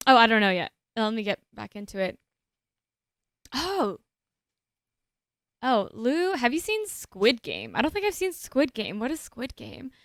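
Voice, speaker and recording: A woman's voice: a little high, huge pitch swings, unhurried, pauses often, fairly bright tone, no echo, clean studio sound. A young woman with a West Coast US accent, chatting casually with viewers while streaming a game, rambling with frequent restarts.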